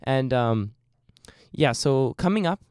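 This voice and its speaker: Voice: medium pitch, animated, slow, darkish tone, clean tone, no echo, studio quality. A podcast host chatting casually at home, goofy and rambling, breaking into bits of song.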